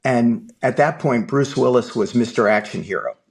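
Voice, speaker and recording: An older man, a film producer guest, telling a long anecdote in an animated way and acting out the dialogue. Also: mid-range voice, normal speed, gravelly. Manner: lively anecdotal storyteller, acts out dialogue. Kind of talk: animated storytelling.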